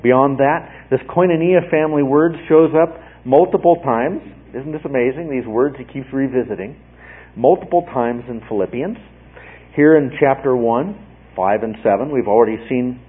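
A man's voice: medium pitch, slightly rough. A man giving a Bible study lecture, explaining patiently and checking in often with his listeners. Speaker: Bible teacher. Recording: phone-like narrow band.

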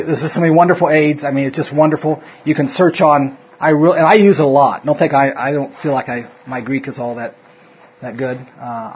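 A man's voice: fairly high pitch, a little hiss or hum. A man teaching an informal Bible study, rambling and correcting himself as he goes, with an occasional chuckle. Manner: rambling, self-interrupting, chuckles often. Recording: dull lo-fi room recording.

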